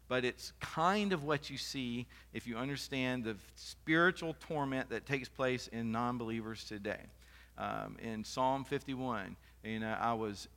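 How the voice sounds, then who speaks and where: A man's voice: mid-range voice, a bit bright. A man preaching a sermon as pastor, in a conversational style with off-the-cuff asides. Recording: long reverb of a hall.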